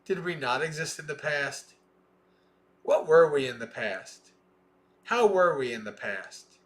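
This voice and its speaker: Man slowly reciting scripture. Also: fairly high pitch, expressive, fairly bright tone. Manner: slow, measured recitation. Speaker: Dhamma reader. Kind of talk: scripture reading with commentary.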